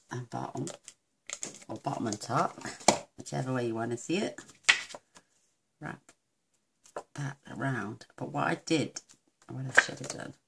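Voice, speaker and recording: Very deep gravelly lady chatting away while she crafts, middle-aged, rambles and talks to herself. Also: noisy background. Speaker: craft demonstrator. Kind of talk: casual crafting tutorial chat.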